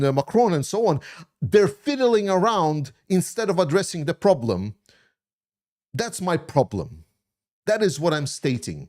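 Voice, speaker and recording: A man with a fairly high-pitched voice hosts a live commentary stream and takes viewer questions off the cuff. He talks bluntly and heatedly and swears freely. His grammar is slightly non-native. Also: a little mellow. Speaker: commentary channel host answering viewer questions. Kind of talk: unscripted livestream Q&A commentary.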